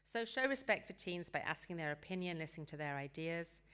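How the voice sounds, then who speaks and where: A woman giving a seminar talk on parenting teenagers, calm and practical, sometimes acting out what parents and teens might say. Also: low voice, brisk, clear, resonant tone. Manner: calm, practical advice, acts out quoted dialogue.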